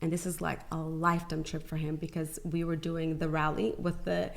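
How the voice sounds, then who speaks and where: Chatty woman telling her story, slightly low voice. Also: flat delivery, normal speed, gravelly. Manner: chatty, many "like" fillers, acts out quoted dialogue. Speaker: podcast guest. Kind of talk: emotional personal testimony.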